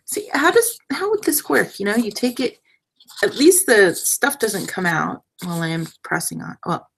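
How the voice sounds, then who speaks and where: A woman's voice: mid-range voice, animated, moderate pace, creaky, fairly bright tone, slight background noise, rough recording. A young adult woman hosting a casual crafting livestream, chatty and self-deprecating, trailing off mid-sentence as she works with her hands.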